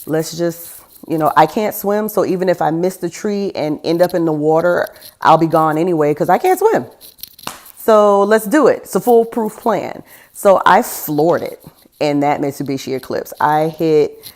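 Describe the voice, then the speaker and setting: A woman's voice: lowish voice, lively intonation, moderate pace, a little mellow. A woman podcast host candidly telling a personal story in a frank, conversational way, with laughs breaking through heavy moments.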